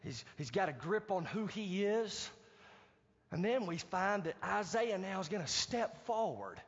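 A male pastor preaching a sermon, swinging from loud to hushed and acting out quoted pleas. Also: very animated, measured pace, husky. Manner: acts out quoted pleas in a higher voice. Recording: dull lo-fi sound, long hall reverb.

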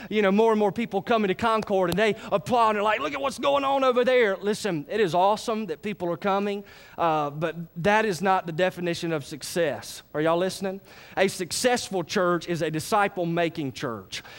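A man preaches in a high, bright-pitched voice. He is animated and folksy, often stopping to check that the congregation is with him. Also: fairly quick. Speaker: pastor. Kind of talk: sermon.

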